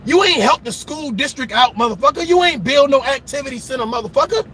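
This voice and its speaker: A man's voice: very high-pitched, expressive, fast talker, sharp tone, slight background noise. A man hosting a reaction channel, delivering an impassioned, profane, preachy rant. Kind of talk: ranting commentary.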